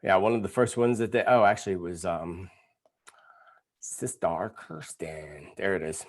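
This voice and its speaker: A middle-aged psychic hosting a live stream reads viewer comments while launching into an indignant, sarcastic rant. His voice sits low and he takes his time.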